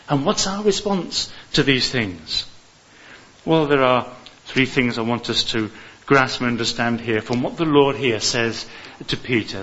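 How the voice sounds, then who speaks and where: A man preaching a sermon in an earnest, measured way, often repeating words for emphasis. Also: a little high, fairly bright tone. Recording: slightly muffled lo-fi recording.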